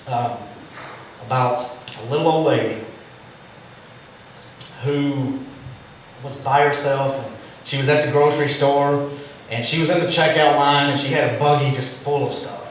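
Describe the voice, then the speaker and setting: A man's voice: medium pitch, fairly even intonation, normal speed, pauses often. A man preaching a sermon in a church, telling a story with a joking twist. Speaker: pastor. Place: church sanctuary. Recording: echoey and distant, faint room noise.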